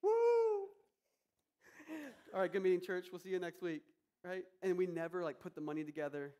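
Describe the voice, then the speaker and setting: A man's voice: sits high, fairly even intonation, quick pace, a little mellow, smooth, muffled recording. A male pastor preaching a sermon with energy, acting out quotes and prayers.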